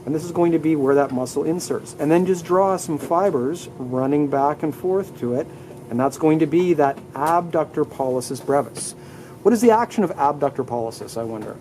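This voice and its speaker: A man's voice: fairly high pitch, expressive, normal speed, mellow, slight background noise, rough recording. A man teaching anatomy in a live classroom lecture, upbeat, leading students through muscle names and asking them to repeat terms aloud. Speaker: anatomy instructor.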